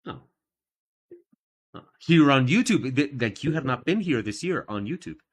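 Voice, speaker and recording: A man's voice: mid-range voice, very animated, normal speed. A man hosting a live art stream in casual chat, playful and jokey, often laughing at himself.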